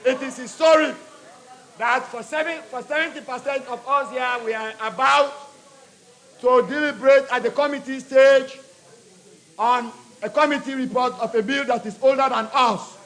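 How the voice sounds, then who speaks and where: A man with a Sierra Leonean accent, chairing a legislative committee and presenting a bill to parliament in a formal, deliberate address read in short phrases. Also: very high-pitched, steady tone, fairly bright tone, poor audio. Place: parliament chamber.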